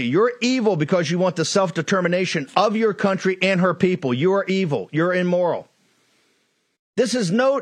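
Fiery high-voiced man ranting. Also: no echo. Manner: fiery, ranting, repetitive accusations. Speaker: host. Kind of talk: political talk show monologue.

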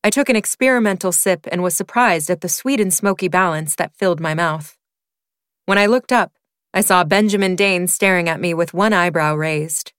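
Female reader, wry first-person romance narration, crisp and dry-sounding. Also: lowish voice, normal speed, a bit bright, no echo. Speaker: audiobook reader. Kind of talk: narrating a romance novel excerpt.

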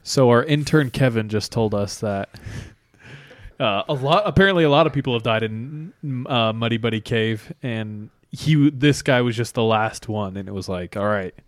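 A man's voice: mid-range voice, moderate pace, no echo. A man co-hosting a podcast, asking questions and joking in casual chat. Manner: laughs often, playful questions. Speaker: podcast co-host.

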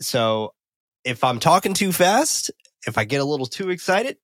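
A man co-hosting a podcast, recapping a film in casual chat, excitable and swearing freely with lots of fillers. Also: fairly high pitch, moderate pace, no echo. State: caffeinated and talking fast.

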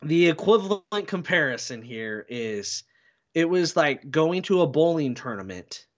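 A man's voice: fairly high pitch, very animated, unhurried, lo-fi sound. A man telling rambling, self-deprecating stories in a casual podcast chat. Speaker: podcast guest.

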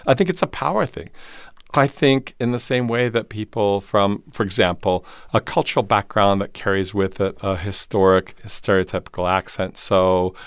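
A male professor speaking as an interview guest in a studio, with expansive, animated explanations. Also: fairly low pitch, normal speed, clean tone, no room sound. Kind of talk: conversational interview.

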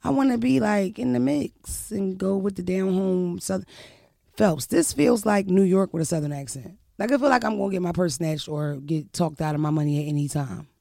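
A woman's voice: mid-range voice, normal speed, gravelly, dry recording, clean studio sound. Brash, profane woman hosting a podcast. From Philadelphia. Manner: loud, brash, animated, profane. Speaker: podcast host. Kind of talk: casual chat.

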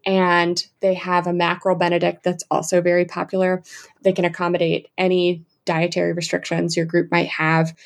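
A young adult woman chatting as an enthusiastic travel guest, full of fillers and quick asides. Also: lowish voice, monotone, gravelly. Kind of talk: casual interview chat.

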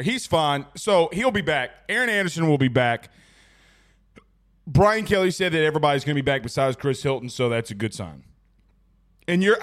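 A man hosting a casual live sports talk show, reading out viewer comments in a loose, chatty way while fighting the hiccups. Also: a little high.

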